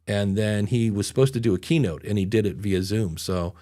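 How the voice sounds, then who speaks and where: A man's voice: on the low side, a little fast, warm tone. A middle-aged man hosting a podcast, telling stories in a rambling, self-deprecating way. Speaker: podcast host. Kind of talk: casual podcast chat.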